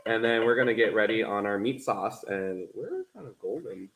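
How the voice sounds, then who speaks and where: A man's voice: on the low side, expressive, moderate pace, hardly any pauses, fairly bright tone, roomy sound, slight background noise. A man co-hosting a live cooking stream, chatting casually and walking through each step as he cooks in a home kitchen. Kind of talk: casual chat while cooking.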